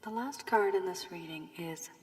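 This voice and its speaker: A woman giving a tarot reading with advice, her voice worn from illness, speaking softly and often half-whispering. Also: fairly low pitch, normal speed. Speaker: tarot reader. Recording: long room reverb, faint background hiss.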